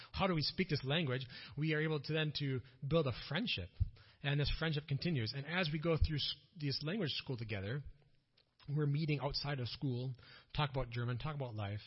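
A man's voice: mid-range voice, dull audio. A man with a Minnesotan accent, a missionary speaker telling a story to an audience in a conversational way, with many fillers and self-corrections.

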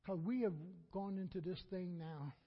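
A man's voice: high voice, fairly even intonation, a little slow, highs cut off. A man preaching a sermon as pastor. He repeats lines for emphasis and leaves gaps for the congregation to answer.

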